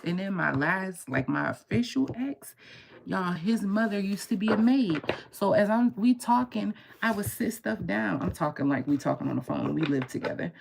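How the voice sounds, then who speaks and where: Her voice is medium-pitched and gravelly, at normal speed, with a little hiss or hum in the audio. Livestreaming from home at night while others sleep, this tarot reader and host tells a story casually and animatedly, cursing and laughing while keeping her voice low so she doesn't shout.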